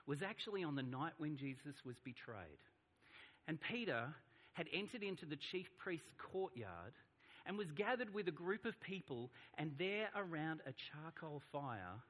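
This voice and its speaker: An Australian man preaches a sermon in a church hall. His voice is bright and sits a little high. He reads scripture at an unhurried pace and then builds to animated, emphatic moments, with a long reverb trailing behind each phrase. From Melbourne, Australia. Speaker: pastor.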